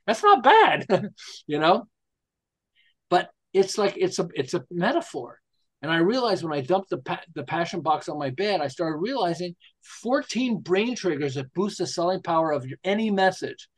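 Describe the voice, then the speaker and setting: A man's voice: sits high, big pitch swings, moderate pace. A man in his sixties from the United States, an interview guest telling stories with laughs and rhetorical questions. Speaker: interview guest, marketing specialist. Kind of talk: enthusiastic casual interview talk.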